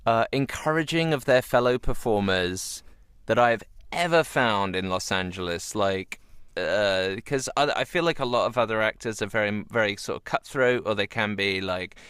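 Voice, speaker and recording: An enthusiastic male host chatting in a casual interview, his voice bright and crisp. He sounds gushing and lively, recorded dry and close with no room around him. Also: fairly low pitch, normal speed, dry recording. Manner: enthusiastic, effusive, slips into quoted voices. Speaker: podcast host.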